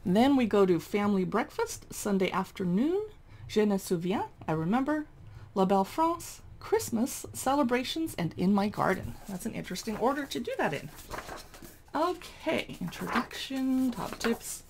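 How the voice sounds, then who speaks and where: Casting: enthusiastic woman, lively pitch, slight vocal fry, casual review tone. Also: normal speed, a little hiss or hum. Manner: chatty, enthusiastic, exclaims over recipes. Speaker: cookbook reviewer. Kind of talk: casual cookbook flip-through.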